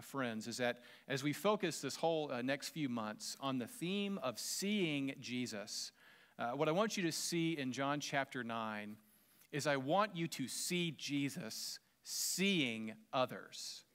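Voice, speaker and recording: A man with a Southern American accent delivers a sermon in an easygoing, conversational tone. He speaks at a middle pitch, addresses the congregation directly, and mixes in light humor. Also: a bit bright, clear, resonant tone. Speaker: pastor.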